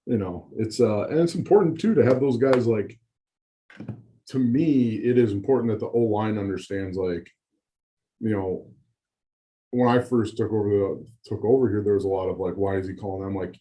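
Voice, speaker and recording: Fairly low in pitch and warm in tone, this man speaks at a moderate pace as a guest offensive line coach. The talk is a casual chat, loose and rambling, full of fillers and restarts.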